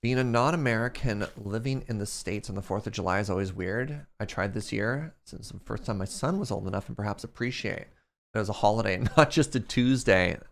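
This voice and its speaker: A man's voice: on the low side, fairly quick, gravelly. A man in his thirties streaming a game, telling a story in casual chat and laughing often. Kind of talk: casual storytelling while gaming.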